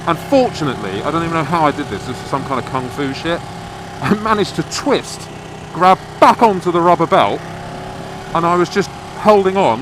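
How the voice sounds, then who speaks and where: Man, somewhat high voice, rambling and profane anecdote, recorded in a car with loud engine noise. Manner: swears freely, rambling anecdote. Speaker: vlogger. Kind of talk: casual storytelling.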